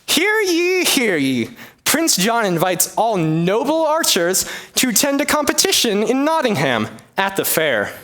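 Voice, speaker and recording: A man's voice: high-pitched, wildly swooping pitch, measured pace, a bit bright, exaggerated voice. A man voicing a flustered woman herald who makes pompous, stumbling proclamations. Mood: proclaiming.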